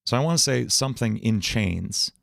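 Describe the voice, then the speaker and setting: A man's voice: on the low side, lively intonation, moderate pace, vocal fry, fairly bright tone, no echo, clean studio sound. A man hosting a casual livestream, thinking aloud as he tries out words for a song. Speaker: livestream host writing songs.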